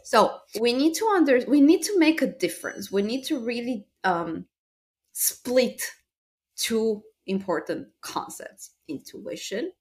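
A woman hosts her own motivational podcast, speaking in a slow, unhurried way. She sounds earnest and excited, with casual fillers and small laughs between thoughts. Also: on the high side, a little hiss or hum. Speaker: podcast host.

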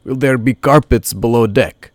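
A man's voice: mid-range voice, moderate pace, no echo, pitched above the performer's own voice, close to an everyday voice. A man voicing a simple-minded, earnest male security chief who asks eager questions.

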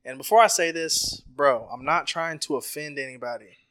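A man co-hosting a podcast, talking in crude casual banter and laying out long questions loudly with lots of swearing. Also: fairly high pitch, normal speed, clean tone. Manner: loud, profane, lays out questions at length. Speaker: podcast co-host.

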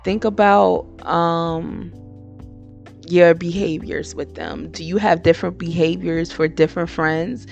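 A woman's voice: on the low side, unhurried, creaky, muffled recording, faint music behind. A woman hosting her own podcast, giving frank, slangy advice in a casual monologue. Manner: frank, slangy and animated, switching into impressions. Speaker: podcast host.

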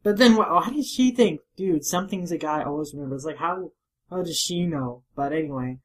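A woman's voice: low-pitched, normal speed. A woman co-hosting a podcast, giving dry, giggly commentary on manga chapters. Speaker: podcast co-host. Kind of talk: casual manga recap chat.

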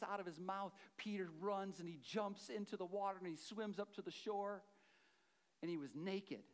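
A man's voice: high voice, brisk. A man preaching a sermon, telling a story conversationally, checking in with the audience and repeating phrases for emphasis. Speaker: pastor.

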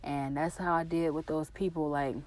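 Low-voiced candid woman vlogger. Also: fairly even intonation, normal speed, darkish tone. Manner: candid, emotional, rambling, swears freely. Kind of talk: casual personal vlog talk.

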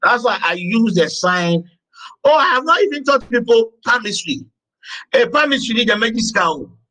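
A man teaching a session, dictating slowly and deliberately with joking asides. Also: very high-pitched, expressive, pushed and bright, poor audio.

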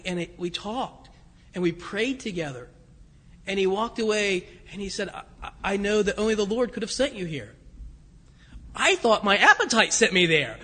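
A priest with a high voice delivers a homily. He tells stories in a loose, chatty way, stumbling over restarts as he goes. His voice carries a long reverb that fills the church. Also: fairly bright tone. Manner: conversational storytelling with frequent restarts.

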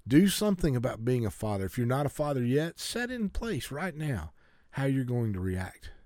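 A man's voice: medium pitch, sing-song, normal speed, darkish tone, no echo. Earnest preaching man, dry sound. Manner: earnest exhortation with stammered restarts. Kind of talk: sermon.

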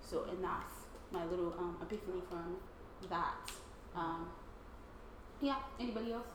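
A woman sharing a personal faith testimony with a small group in a casual, excitable way, often laughing and acting out her own thoughts. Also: lowish voice, normal speed. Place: room with other people, casual group. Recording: roomy, faint background noise.

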